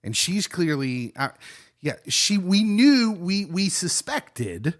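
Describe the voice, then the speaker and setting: A man's voice: high voice, big pitch swings, takes it slowly. A man co-hosting a casual watch-along chat, talking in an enthusiastic, jokey way. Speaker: podcast co-host.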